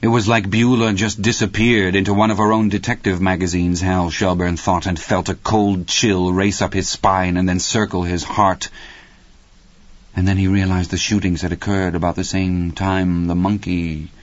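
Deep guy reading an audiobook, dry close mic, bit muffled. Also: little pitch movement, moderate pace, dry recording. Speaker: audiobook narrator. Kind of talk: scripted audiobook narration.

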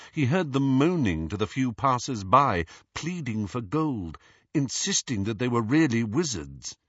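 A man reading a novel aloud as an audiobook narrator, with an expressive delivery. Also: on the low side, no room sound, muffled recording.

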